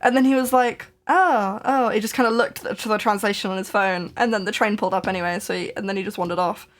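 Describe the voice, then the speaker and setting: A young woman chats on a home crafting live stream and tells a winding story. She starts sentences over and over and giggles often. Her talk stays relaxed and easygoing throughout. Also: medium pitch, quick pace. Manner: chatty, rambling, giggly, with many restarts. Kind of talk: casual storytelling chat.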